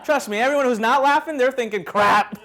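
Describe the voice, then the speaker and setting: A man with a high voice delivers a live motivational seminar to a workshop audience. He tells stories animatedly, acting out little scenes and joking with the room as he goes. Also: fast talker, some chatter behind. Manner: animated storytelling, acts out scenes, jokes with the audience. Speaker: motivational speaker.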